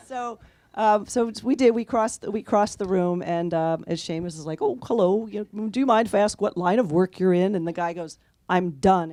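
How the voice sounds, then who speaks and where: A woman author telling anecdotes in an interview, in a lively way and quoting the people she met. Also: mid-range voice, no room sound. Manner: animated anecdotal, quotes others with laughs. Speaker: author guest. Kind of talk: conversational interview storytelling.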